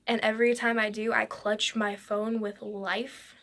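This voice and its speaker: A woman telling a personal story in a halting way, with restarts and frequent drops into a whisper. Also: a little high, flat delivery, fairly bright tone.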